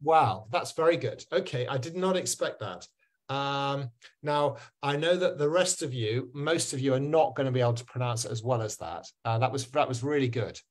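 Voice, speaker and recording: A man teaching pronunciation in an online webinar, encouraging and repeating sounds slowly for learners. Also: mid-range voice. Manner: encouraging, drills words slowly and repeats them. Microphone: video call.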